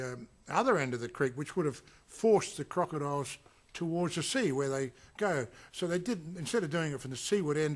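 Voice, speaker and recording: A man recalling a film shoot in a casual, rambling way, full of fillers and restarts. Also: fairly high pitch. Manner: acts out quotes with sudden loud shouts. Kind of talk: casual anecdotal reminiscence.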